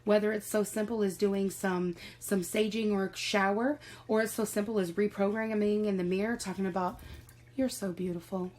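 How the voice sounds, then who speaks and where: Woman, spiritual reading, encouraging, repeats phrases, casual swearing, mid pitch. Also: steady tone, normal speed, few pauses, a little mellow, rough recording. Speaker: tarot reader.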